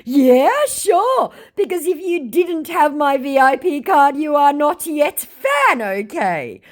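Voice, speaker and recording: A woman's voice: sits high, sing-song, slow pace, pitched above the performer's own voice, exaggerated voice. A woman voicing a pushy male online scammer who speaks blunt, broken English.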